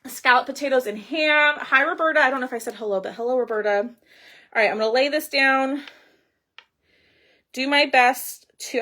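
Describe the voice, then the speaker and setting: A woman's voice: medium pitch, gravelly, a bit bright. A middle-aged woman, hosting a casual craft livestream and chatting with viewers as she works. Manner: chatty, reads viewer comments aloud while crafting.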